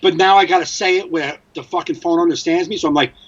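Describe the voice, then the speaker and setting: A man with a New Jersey accent, co-hosting a podcast, ranting in an animated, sweary way. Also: fairly high pitch, quick pace, dull audio. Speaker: podcast co-host. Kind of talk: casual chat.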